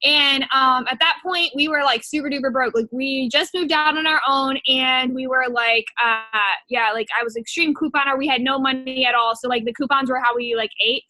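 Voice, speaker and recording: A young woman with a high, bright voice tells her personal story. She rambles casually, full of filler words, recorded close and dry with no room sound. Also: steady tone, moderate pace, few pauses, no room sound. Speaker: network marketing distributor.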